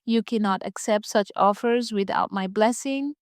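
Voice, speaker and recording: A woman's voice: medium pitch, normal speed, dry recording, studio quality, lightly acted. A woman voicing an arrogant husband who mocks his wife in a dismissive, scornful tone, in a storybook telling. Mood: mocking. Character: arrogant mocking husband, a man.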